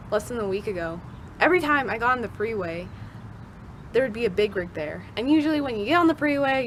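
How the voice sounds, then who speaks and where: A young woman telling a casual storytime vlog outdoors, with birds and cars in the background. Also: a little high. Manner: animated, mock-angry rants with kid-friendly insults. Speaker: vlogger. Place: outdoors in nature. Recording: faint outdoor background noise. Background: birds, cars and distant voices.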